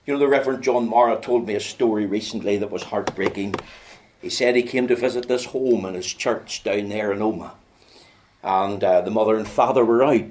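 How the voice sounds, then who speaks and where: A man preaching a sermon, swinging from hushed storytelling to loud, urgent pleading. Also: on the low side, slight background noise.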